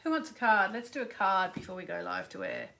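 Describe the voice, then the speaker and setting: A woman's voice: mid-range voice, huge pitch swings, fairly quick, pushed and bright. A middle-aged woman, an astrologer and radio host, chatting casually with viewers on a livestream and greeting them by name.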